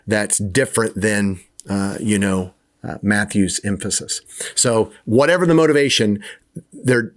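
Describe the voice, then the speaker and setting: Conversational male Bible teacher. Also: fairly low pitch. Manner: conversational, acts out the disciples' questions with a raised voice.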